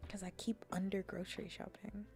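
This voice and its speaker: A woman streamer chatting casually with her viewers in a soft, half-whispered voice, slipping into playful mock-taunting teases. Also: medium pitch, level tone, fairly quick, faint music behind. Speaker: streamer hosting a chat stream. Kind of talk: soft-spoken casual chat.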